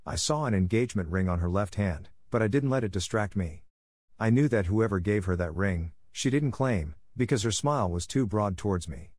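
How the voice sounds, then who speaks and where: A man calmly narrating a first-person story in a plainspoken, unhurried way. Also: lowish voice, dry recording, studio quality. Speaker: audiobook narrator.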